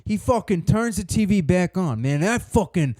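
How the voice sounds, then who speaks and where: A man putting on a hot-tempered Italian American friend, swearing and rising toward a shout. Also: sits high, lively intonation, normal speed, pitched above the performer's own voice. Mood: furious.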